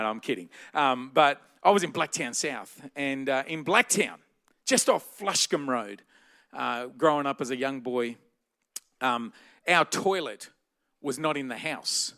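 A middle-aged Australian man preaching a sermon, energetic and joking, shouting for emphasis. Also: mid-range voice.

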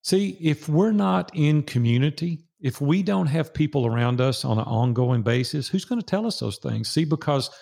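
A man's voice: medium pitch, vocal fry, darkish tone, slightly rough. A man in his sixties, a guest on an interview show, telling a personal story in an earnest, preacherly way and acting out the dialogue.

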